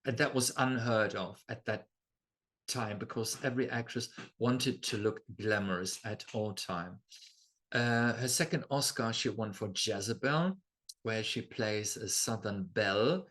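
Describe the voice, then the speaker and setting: A man's voice: lowish voice, a little slow, fairly bright tone. A man with a German first language, giving a chatty lecture over slides, full of fillers and tag questions. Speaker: astrology lecturer. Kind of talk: casual presentation over slides.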